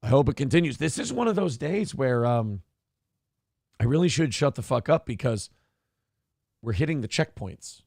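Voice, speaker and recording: Male morning show host, profane ranter, lively swinging pitch, close dry mic. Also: normal speed, creaky, pauses often, dry recording. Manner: profane, exasperated, ranting. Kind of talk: casual talk show rant.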